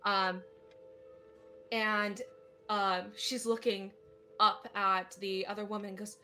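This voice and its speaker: Bright-voiced woman game master. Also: medium pitch, level tone, slow, faint music behind. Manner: descriptive, chatty, many fillers. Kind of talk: narrating a tabletop game.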